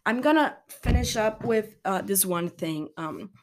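A woman's voice: medium pitch, expressive, measured pace. A young woman talking straight to her viewers about anxiety and self-care, earnest and rambling, often restarting her sentences. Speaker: wellness vlogger. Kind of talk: candid motivational monologue.

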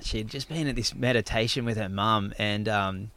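A man in casual conversation, telling a story in an animated way, laughing often and swearing freely. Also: fairly low pitch, moderate pace.

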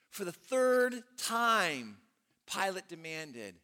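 A male pastor preaching a sermon in a church, retelling scripture dramatically with loud peaks and hushed drops. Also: sits high, lively intonation, moderate pace.

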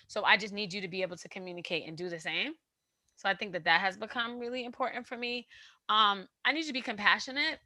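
A woman's voice: mid-range voice, no echo. A woman co-hosting a casual chat, emphatic and slangy, telling stories with lots of energy. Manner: emphatic, slangy, animated storytelling.

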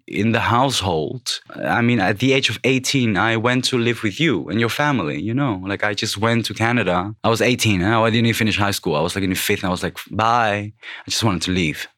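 A man's voice: on the low side, brisk, a bit bright, dry recording, studio quality. A man in his thirties who grew up in the Netherlands, a podcast guest speaking bluntly and frankly in casual chat, swearing freely. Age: 30s.

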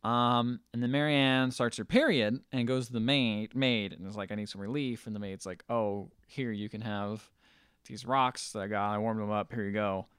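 Here a man with a lowish, fairly bright voice co-hosts a podcast, chatting casually through a movie's story and voicing its characters along the way. He keeps a steady tone at a moderate pace, captured in clean studio sound without echo.

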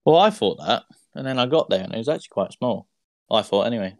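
A man's voice: mid-range voice, lively intonation, fast, no echo. A man being interviewed as a guest on a podcast, explaining things in a loose, rambling way. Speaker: guest racer. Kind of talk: casual chat.

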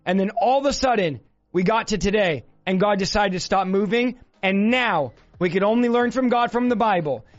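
A male preacher delivering a fervent sermon, often shouting. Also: high-pitched, moderate pace. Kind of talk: fiery sermon. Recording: dull lo-fi sound with faint music.

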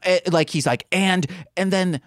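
A man co-hosting a podcast in casual chat, quick and joking, swearing and mimicking lines in funny voices. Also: high voice, no room sound, studio quality. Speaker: podcast co-host.

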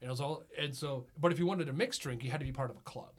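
A middle-aged man guesting on a podcast tells casual anecdotes at a very fast clip in a mid-range voice. He swears freely and laughs often as he chats.

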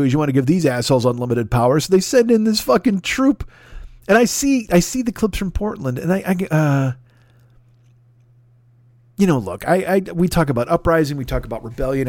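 A man's voice: a little high, a little mellow, no room sound, clean studio sound. A man hosting a comedic podcast, delivering a profane, rambling, exasperated rant.

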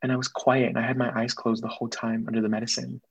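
Man, young adult, husky voice, earnest storytelling, drops in Spanish phrases, dry sound. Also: medium pitch, little pitch movement, fast, dry recording, lo-fi sound. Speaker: guest. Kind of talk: casual storytelling in conversation.

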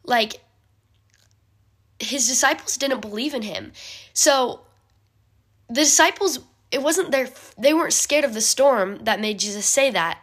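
A young woman giving a casual bible study talk, chatty and full of fillers, often clearing her throat. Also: a little high, expressive, unhurried, pauses often, a bit bright.

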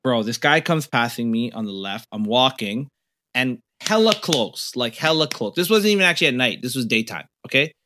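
A man's voice: mid-range voice, lively intonation, brisk, few pauses, noisy background. A young man co-hosting a casual podcast, telling stories animatedly, acting out arguments and swearing freely. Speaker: podcast co-host.

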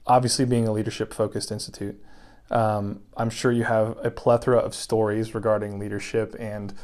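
A man's voice: fairly low pitch, level tone, a little mellow. A man hosting an interview, affirming his guest before asking him a question. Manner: affirming, quick to agree. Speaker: interview host. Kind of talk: casual interview.

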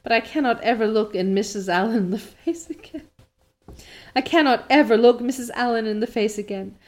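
A woman's voice: fairly high pitch, fast talker, darkish tone, voice pushed up, close to an everyday voice. A woman reading as an overwrought young orphan girl. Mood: pleading. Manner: sobbing, overwrought pleading. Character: dramatic young orphan girl, tearful and theatrical. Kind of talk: reading a novel aloud.

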